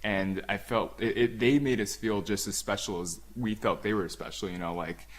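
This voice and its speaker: A man's voice: lowish voice, steady tone, normal speed, background noise. A man guest on a podcast, chatting casually and enthusiastically, rambling with lots of fillers. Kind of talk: casual chat.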